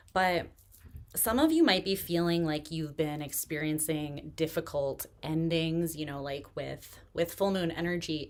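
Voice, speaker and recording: A woman hosting a tarot live stream, chatting in a relaxed, rambling way with many fillers, still recovering from pneumonia and pacing herself to catch her breath. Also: low voice. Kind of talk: casual live-stream chat.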